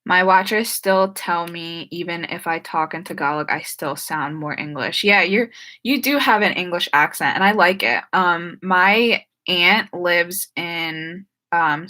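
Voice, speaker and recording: A young woman with a New Jersey and Philadelphia accent talks casually on a live stream, filling her sentences with "like" and "um" and sometimes tripping over her words. Her voice sits slightly low and sounds bright and sharp. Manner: chatty, frequent "like" and "um", trips over words. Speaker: YouTuber hosting a live stream Q&A.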